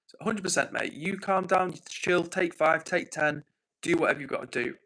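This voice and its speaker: An English man hosting a livestream from home, chatting casually and reading out comments in an excitable, quick way. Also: on the high side, vocal fry, rough recording. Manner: excitable, fast-talking. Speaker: livestream host.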